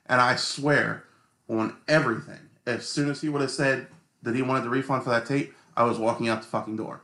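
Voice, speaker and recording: Man, podcast co-host, animated exasperated storytelling, casual chat, echoey room. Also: medium pitch, brisk.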